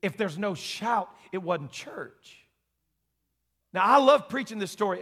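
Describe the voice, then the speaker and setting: A middle-aged man, preaching a folksy Pentecostal sermon that swings between quiet talk and loud shouting. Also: high voice, animated, a little slow. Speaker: senior pastor. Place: church sanctuary. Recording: long church reverb.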